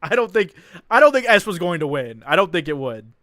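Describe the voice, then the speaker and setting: Brief: young male streamer, lively sing-song delivery, dry close sound, faint music behind. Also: high voice, fairly quick, dry recording. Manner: rambling, enthusiastic, laughs, repeats himself. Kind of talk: casual live-stream reaction commentary.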